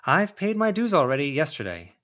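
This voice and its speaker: A man's voice: on the high side, wildly swooping pitch, fairly quick, fairly bright tone, voice pushed up. Clementine, a man doing a weary young woman. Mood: weary firm. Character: tired young woman, wary and practical. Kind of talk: audiobook character reading.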